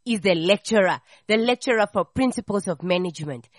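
A woman hosting a radio call-in show, chatting casually and telling a gossipy story with lively voices for the people in it. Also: medium pitch, brisk. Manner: animated, acts out the people in her stories.

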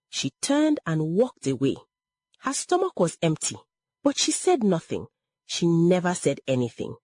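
A woman narrates a story slowly and dramatically. Her low voice is husky and swings widely in pitch. The recording is close and dry. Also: sing-song, a little mellow, dry recording.

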